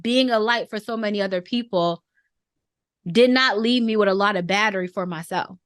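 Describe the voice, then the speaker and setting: A woman in her thirties, medium-pitched, recorded dry and clean in a studio, shares a personal family story on a podcast. She's reflective and earnest, often slowing to pick her words, and she holds back emotion, softening at the tender moments.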